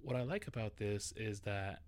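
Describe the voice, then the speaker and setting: An adult podcast host from New York City records a solo episode, speaking casually and a bit nervously, with restarts. His voice is on the low side and his speed normal.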